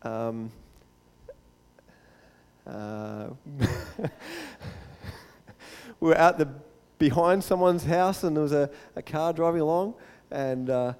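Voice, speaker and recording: A man preaching a sermon as a pastor, telling the story in a lively way and acting out the scenes. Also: a little high, slow pace, pauses often, smooth, long reverb tail. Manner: animated storytelling, acts out the scene.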